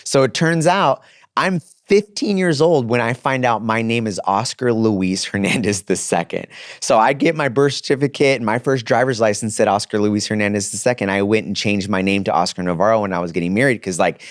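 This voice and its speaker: A man in his thirties, a podcast guest giving a casual, animated personal testimony, dropping slang as he talks. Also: fairly low pitch, a little fast, no echo, studio quality. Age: 30s.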